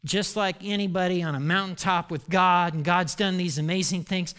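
Brief: pastor in mid-sermon, higher-pitched man, lively storyteller who pokes fun at himself. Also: moderate pace, clear, resonant tone. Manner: animated, self-deprecating storytelling.

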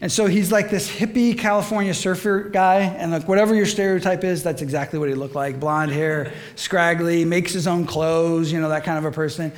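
A man delivers a lively sermon with a bright, high-pitched voice. He talks with the congregation, pausing to ask them questions and breaking into acted-out voices when he tells stories. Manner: animated, asks the audience questions, acts out voices in stories. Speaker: preacher.

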